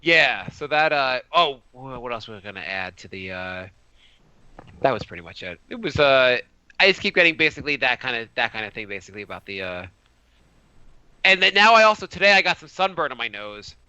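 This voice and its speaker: A man co-hosting a podcast in casual chat, telling a story with animated voiced quotes. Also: mid-range voice, fairly quick, smooth, no echo, highs cut off. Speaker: podcast co-host.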